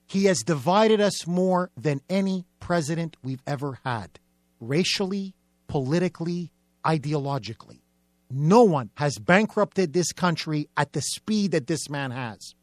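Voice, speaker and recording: A combative male talk radio host whose voice sits high for a man. He hammers his points with mocking repetition, recorded in a dry, close studio. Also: animated, moderate pace, no echo. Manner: combative, mocking, repetitive rhetorical build-ups. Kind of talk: political talk radio monologue.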